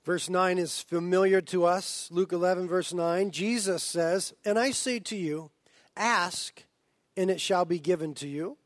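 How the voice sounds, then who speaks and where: A man's voice: sits high, unhurried, no echo. A man in his thirties preaching a sermon as pastor, earnest and building to fervent emphasis.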